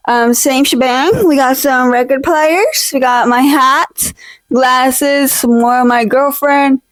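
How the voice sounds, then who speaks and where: A young woman chats casually into a close mic at home, rambling with lots of fillers and playful fake-outs. Her voice sits a little high. The sound is dry, with almost no room echo. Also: slow pace. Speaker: vlogger. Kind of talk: casual chat. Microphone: own desk mic, held close.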